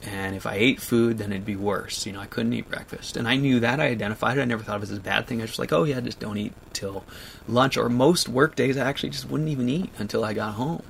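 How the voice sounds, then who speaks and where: A man in his thirties hosting a livestream, reading viewer comments aloud and talking through them, choked up and laughing through tears, with halting restarts. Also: medium pitch, creaky, fairly bright tone, slight background noise. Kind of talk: emotional casual livestream chat.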